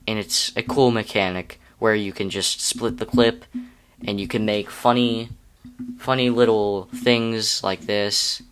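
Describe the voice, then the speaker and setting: A man's voice: on the low side, flat delivery, a little slow, fairly bright tone, slight background noise. A young man casually walking through a video editing tutorial, rambling and correcting himself with amused asides. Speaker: YouTube tutorial creator.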